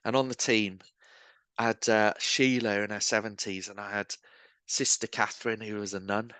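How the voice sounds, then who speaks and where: A man, a street evangelist, telling lively self-mocking anecdotes in casual chat. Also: lowish voice, moderate pace, smooth, dry recording. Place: pub bar.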